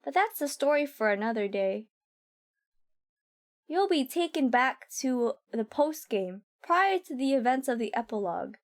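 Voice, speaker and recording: A woman's voice: high-pitched, very animated, unhurried. A woman streaming a game from home, reading on-screen text aloud and reacting candidly and emotionally.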